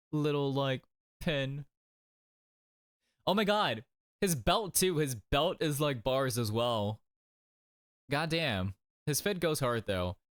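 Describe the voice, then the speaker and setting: A streamer playing a mystery game, reading the narration and reacting loudly, with swearing and chatty remarks about character outfits. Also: mid-range voice, no echo, studio quality. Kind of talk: casual game commentary and reading aloud.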